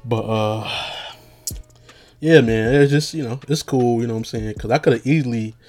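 A man's voice: medium pitch, normal speed, a little mellow, faint music behind. Rambling, slangy young man. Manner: loose and slangy, full of fillers, jokes around. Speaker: podcast host. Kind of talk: casual rambling monologue.

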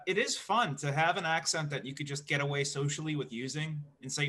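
A man hosting a podcast, asking questions with dry, deadpan jokes. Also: fairly high pitch, brisk, slight background noise. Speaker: podcast host. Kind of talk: casual interview chat.

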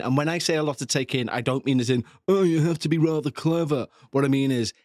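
A man's voice: mid-range voice, dry recording, clean studio sound. A man in his forties hosting a podcast, rambling through a casual review with jokey, self-deprecating asides. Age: 40s. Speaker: podcast host.

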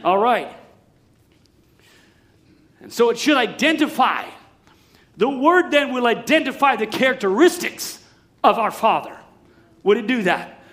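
High-voiced man preaching a sermon. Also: animated, a little slow, pauses often. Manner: emphatic, swinging between loud preaching and quiet asides.

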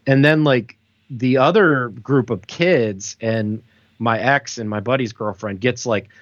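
A man in his thirties tells a long story in a loose, rambling way, packing it with fillers. His voice sits at an average pitch. The sound is dry and slightly muffled, like a modest home recording. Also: unhurried, dry recording. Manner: rambling, many "like" fillers, laughs through the story. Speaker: podcast co-host. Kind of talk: casual storytelling chat.

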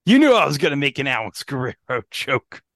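A man's voice: medium pitch, big pitch swings, fairly quick, fairly bright tone, dry recording. A man co-hosting a podcast in casual chat, joking and quizzing his co-host.

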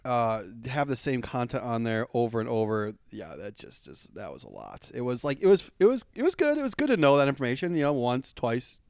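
Man, podcast co-host, smooth clear voice, easygoing casual chat. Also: medium pitch, sing-song, fairly quick, few pauses, darkish tone, dry recording, studio quality. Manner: easygoing, agreeable, lots of fillers.

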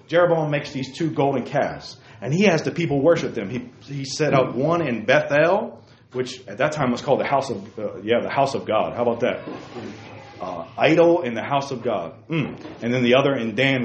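Animated man teaching a Bible lesson. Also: medium pitch. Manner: animated, emphatic, addresses group as "guys". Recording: roomy, dull lo-fi recording.

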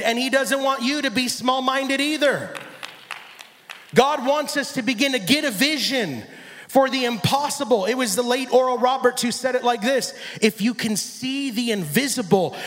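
A male guest preacher giving an energetic sermon, often repeating phrases and acting out conversations from scripture. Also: very high-pitched, big-room sound. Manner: energetic, repetitive, acts out dialogue with God. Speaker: guest speaker. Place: church.

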